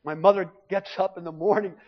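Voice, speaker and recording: A middle-aged man preaching, telling a lively personal story from the pulpit and acting out what his family said. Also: sits high, brisk. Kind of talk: sermon testimony storytelling. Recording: dull lo-fi recording.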